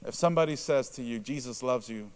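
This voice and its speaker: Quick-paced, with a clear, resonant tone, this preacher talks to his congregation conversationally, asking them questions and adding "right?" to his points. Spanish is his first language, and he voices quoted reactions in a lowered tone.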